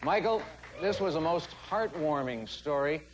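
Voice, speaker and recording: A man hosting a game show with brisk, formal announcing. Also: fairly high pitch, expressive, poor audio. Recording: studio audience noise.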